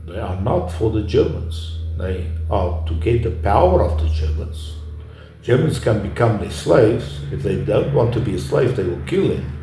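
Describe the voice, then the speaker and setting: A man giving an unscripted lecture, talking haltingly with frequent pauses and restarts. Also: fairly low pitch, very animated, mellow, a little hiss or hum. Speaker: speaker giving a talk. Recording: echoey room.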